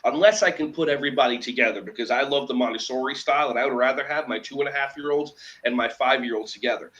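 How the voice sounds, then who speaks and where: A man, a children's yoga teacher, talking as a guest in an animated conversational way, acting out quoted dialogue with emphasis. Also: mid-range voice, low-quality recording.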